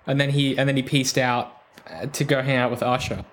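A man's voice: mid-range voice, steady tone, a little fast, fairly bright tone. Rambling jokey podcast man. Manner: rambling, jokey, self-deprecating. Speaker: podcast co-host. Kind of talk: casual podcast banter.

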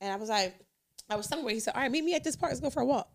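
A woman hosting a podcast in casual chat, blunt and animated, laughing often. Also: a little high, very fast, creaky. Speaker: podcast host.

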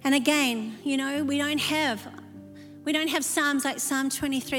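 A woman's voice: high voice, moderate pace. A woman pastor preaching a sermon to a women's gathering, emphatic and repeating key phrases. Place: large church hall. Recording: long hall reverb, soft music behind.

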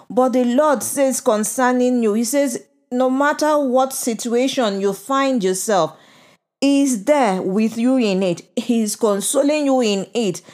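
A woman delivering a devotional sermon, slow and emphatic, encouraging, with lots of repetition. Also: on the high side, darkish tone. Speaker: preacher.

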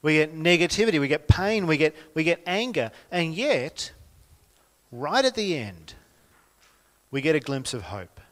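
A man with an Australian accent preaching a sermon, swinging from quiet, reflective lines to loud, emphatic ones. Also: on the high side, big pitch swings, a little slow, long reverb tail. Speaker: pastor.

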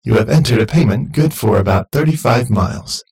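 A man's voice: mid-range voice, expressive, brisk, gravelly, husky, pitched above the performer's own voice, full character voice. A man voicing the cheerful automated voice of a driverless taxi, polite and upbeat. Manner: bright, overly polite service tone.

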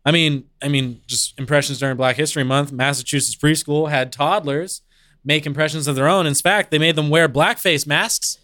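Giggly bright-voiced man. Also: on the high side, fairly even intonation, normal speed, dry recording, clean studio sound. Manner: laughs easily, giggly. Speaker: podcast co-host. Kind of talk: casual banter.

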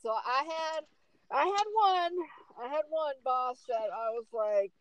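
A middle-aged woman telling a story in casual chat, emphatic and animated. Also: slow, no echo, rough recording. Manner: animated, emphatic storyteller with big swings in pitch.

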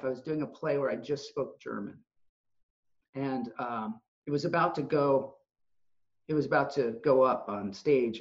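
A man hosting a casual interview podcast, telling stories and acting out quotes with lively energy. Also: mid-range voice. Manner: animated storyteller, acts out quotes. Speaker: podcast host. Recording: dull lo-fi sound.

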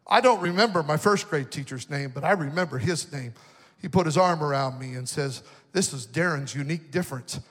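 A man preaching a youth sermon, joking through personal stories and rising into shouted preaching before a live audience. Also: a little high, brisk, big-room sound. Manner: jokey storytelling, building to shouted preaching. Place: large hall with an audience.

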